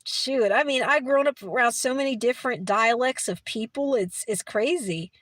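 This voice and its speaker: A woman's voice: on the high side, moderate pace, fairly bright tone, no echo. A middle-aged woman from Brooklyn with a New York accent, chatting casually with viewers, rambling with restarts and laughing often. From Brooklyn, New York City. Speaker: livestream host reading chat. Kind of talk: casual chat.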